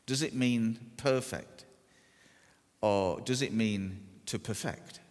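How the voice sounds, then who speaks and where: A man preaching a sermon, telling stories with self-deprecating humour and deliberate pauses. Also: on the low side, darkish tone. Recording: long hall reverb.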